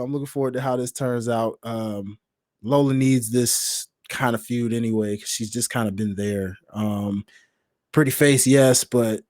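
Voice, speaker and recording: A man co-hosting a casual podcast who talks animatedly and breaks into high, whooping reactions. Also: darkish tone, dry recording, clean studio sound. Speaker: podcast co-host. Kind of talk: casual chat.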